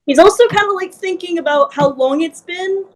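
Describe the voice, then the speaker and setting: High-voiced woman describing her character. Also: normal speed. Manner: casual, describing her character with many "like" and "kinda". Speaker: player. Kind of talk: playing a tabletop game.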